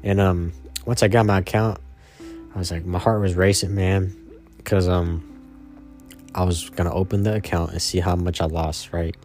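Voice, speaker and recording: A man's voice: deep voice, fairly even intonation, normal speed, a little mellow, soft background music. A man in his twenties telling a personal story casually, rambling and slangy, with lots of fillers. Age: 20s. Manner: rambling and slangy, full of "man" and "you know".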